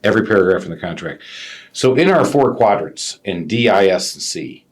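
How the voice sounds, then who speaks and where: A man co-hosting a casual business podcast, an animated storyteller who acts out customers' voices. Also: sits low, normal speed. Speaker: podcast co-host, business owner.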